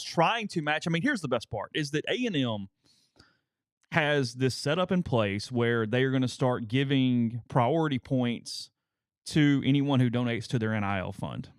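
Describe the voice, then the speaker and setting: A man with a mid-pitched voice co-hosts a casual sports talk podcast. He talks in an animated way and often mimics the people he quotes. The recording is dry and close-miked. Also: dry recording. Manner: animated, mocking impressions in quotes. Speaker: podcast co-host.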